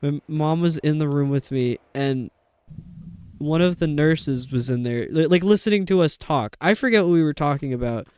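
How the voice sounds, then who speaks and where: A man with a New York accent rambles casually while he streams a game. His voice sits a little high and sounds smooth and clear, recorded close and dry. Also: normal speed, darkish tone, no echo. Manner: rambling, chatty. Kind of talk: casual chat while gaming.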